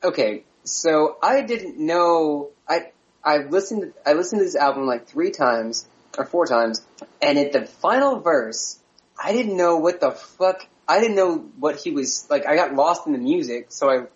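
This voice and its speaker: Male podcast co-host, slightly high voice, loose and giggly, dull lo-fi recording. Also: expressive, measured pace. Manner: laughing, mimicking misheard lyrics. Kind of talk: casual chat.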